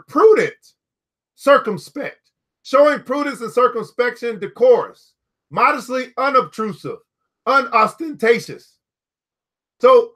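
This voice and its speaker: High-voiced, bright-toned man hosting a book club. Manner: emphatic and playful, repeating key phrases. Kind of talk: reading aloud and riffing to a live audience.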